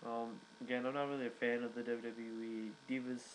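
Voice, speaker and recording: A man's voice: mid-range voice, level tone, a little fast, slight background noise, low-quality recording. A young man giving a casual recap, rambling with many fillers and restarts. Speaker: wrestling reviewer.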